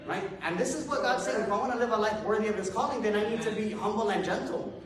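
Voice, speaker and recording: A man's voice: sits high, fast, crowd noise. A man preaching a conversational sermon to a congregation, casual and self-deprecating, with chuckling asides. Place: church hall with a congregation. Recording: echoey hall from far off.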